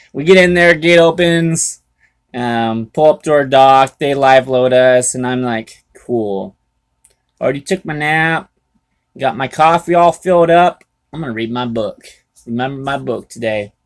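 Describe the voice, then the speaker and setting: A man's voice: medium pitch, creaky. A man who drives trucks, recounting his day in a casual, folksy, rambling way with lots of restarts, talking from home. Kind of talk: casual storytelling vlog. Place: indoors at home.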